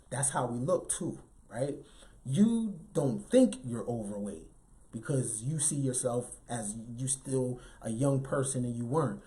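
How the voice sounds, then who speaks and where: A man giving an animated, emphatic motivational talk in a light, youthful voice, often tagging lines with "right?". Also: medium pitch, unhurried. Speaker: motivational speaker.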